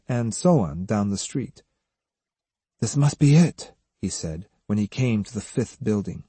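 A male audiobook narrator with a husky, mellow tone and a lively, expressive range. He tells the story in a measured way. The sound is dry and close. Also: mid-range voice, no echo. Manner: measured storytelling, many voices. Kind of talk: scripted narration.

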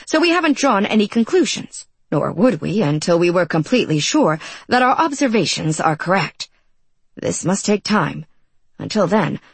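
A woman's voice: mid-range voice, breathy edge, dry recording. A woman voicing a polite, persuasive male assistant who is a chained convict.

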